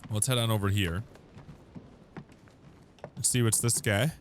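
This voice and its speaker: A man's voice: on the low side, fairly even intonation, measured pace, slight background noise. Chatty young man narrating gameplay. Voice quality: chatty, laughs often. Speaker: gaming YouTuber. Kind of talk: let's play commentary.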